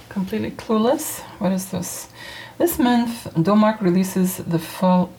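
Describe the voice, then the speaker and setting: A woman's voice: lowish voice, dark tone. A woman YouTuber chatting casually as she flips through an old magazine, reading bits aloud, giggling often and swearing in mock anger. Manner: giggly, mock-cursing, reads aloud and reacts. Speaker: retro computing YouTuber.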